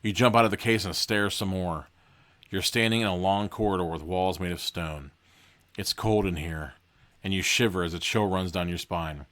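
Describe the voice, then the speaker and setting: A man's voice: deep voice, normal speed, a bit bright. A man hosting a podcast, casually reading a horror gamebook aloud and breaking off for joking asides. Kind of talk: casual read-aloud with commentary.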